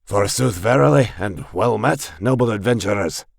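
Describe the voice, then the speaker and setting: A man's voice: low-pitched, lively intonation, unhurried, creaky, husky, no echo, clean studio sound, full character voice. A man voicing a bombastic male dwarf warrior role-player, with grandiose archaic phrasing and a failed attempt at a Scottish brogue.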